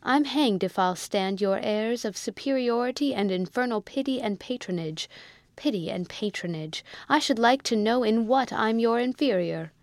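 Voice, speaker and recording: A woman reads a proud young army officer who flares up fast and shouts in indignation, his lines pitched a little higher and louder than the narration. The recording is close and dry, with no room sound. It is read as an audiobook. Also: expressive, no echo. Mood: fierce. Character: hot-tempered young male army lieutenant. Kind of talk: audiobook reading.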